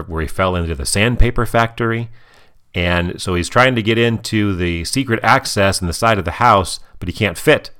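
A man co-hosting a casual family podcast as the dad, telling stories in an animated, playful way. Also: sits low, smooth. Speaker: podcast co-host and father.

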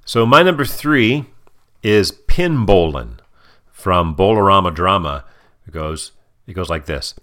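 Animated, low-voiced dad podcaster. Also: male voice, a little slow. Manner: animated storyteller, playful. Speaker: podcast co-host and father. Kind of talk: casual family podcast chat.

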